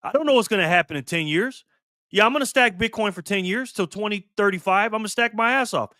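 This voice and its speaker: A man in his fifties rants to camera with a high, bright, forceful voice, swearing freely and pressing his points hard. The sound is dry and close. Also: fast, no echo. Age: 50s. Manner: heated, profane, emphatic, preachy. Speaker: channel host. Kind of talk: direct-to-camera vlog rant.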